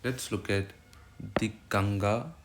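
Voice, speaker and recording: Speaking slowly in a fairly low, even voice, an Indian English-accented man teaches geography for exam prep. He mixes Hindi into his English and frequently asks "right?" over loud background noise with clicks.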